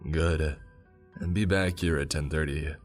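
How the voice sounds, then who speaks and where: A man doing a gruff library boss. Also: extremely low pitch, steady tone, unhurried, faint music behind. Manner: curt, demanding. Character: gruff stern male library manager.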